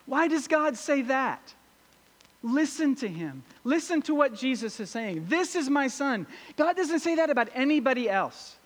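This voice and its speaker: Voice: high voice, big pitch swings, unhurried. Preacher, sermon, church sanctuary, reads scripture aloud, rhetorical questions, long reverberant hall. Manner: asks the congregation rhetorical questions.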